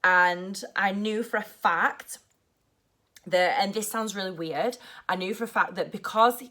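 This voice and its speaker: A young woman telling a story in a casual vlog, rushed and nervous, saying "like" constantly. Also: medium pitch, sharp tone. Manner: rushed and nervous, heavy use of "like". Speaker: vlogger.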